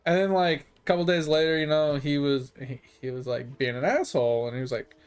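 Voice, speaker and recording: A young adult man who streams games, telling profane, animated stories in casual chat. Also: on the high side, fairly quick, clean tone. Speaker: gaming streamer. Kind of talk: casual storytelling.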